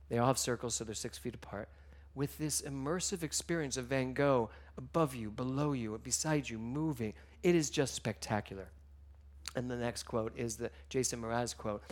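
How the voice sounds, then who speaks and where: A man giving a sermon, telling stories with emotion, moving between hushed and loud passages. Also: medium pitch. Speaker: minister.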